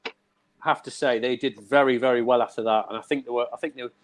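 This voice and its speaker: A man's voice: mid-range voice, steady tone, fast. A man from England, chatting casually, repeating himself and teasing. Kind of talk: casual chat.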